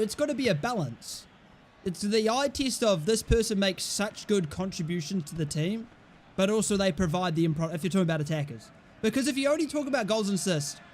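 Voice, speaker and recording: A man's voice: high-pitched, a little hiss or hum. A young man giving casual, blunt, mocking commentary while playing a football game, swearing freely. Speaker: gaming streamer.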